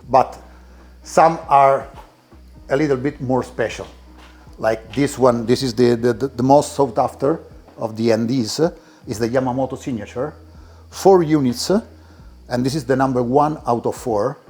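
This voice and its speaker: Husky man with an Italian accent. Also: mid-range voice, a little mellow. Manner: halting English with many restarts, enthusiastic about cars. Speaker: car collector giving a tour. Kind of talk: casual interview while walking a car collection. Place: indoor garage.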